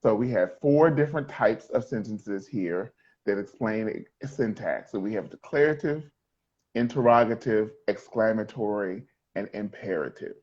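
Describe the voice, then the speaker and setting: A man's voice: on the low side, animated, moderate pace, darkish tone, slightly rough, lo-fi sound. A male middle school teacher explaining sentence types, joking and quizzing his students. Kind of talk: classroom lesson.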